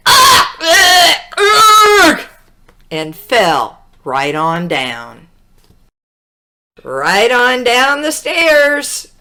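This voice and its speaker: A woman reading a children's storybook aloud, expressive and drawn-out, with little asides to the listener. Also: mid-range voice.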